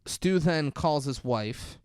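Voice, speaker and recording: A young man co-hosting a casual movie-review podcast, excitable and profane, recorded on a close mic. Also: a little high, slow pace, smooth, no echo. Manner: excitable, profane, swings into voices. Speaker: podcast co-host.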